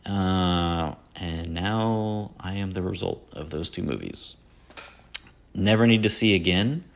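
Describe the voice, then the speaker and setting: Speaking slowly in a voice that sits low, a man hosts a casual solo podcast on movies. He rambles and teases himself about his favorite films, now and then quoting lines from them.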